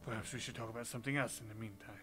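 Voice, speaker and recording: A man voicing a shrewd, blunt male falcon attorney who speaks in a crisp, firm, matter-of-fact way. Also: medium pitch, steady tone, very fast, music in the background, natural voice. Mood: probing.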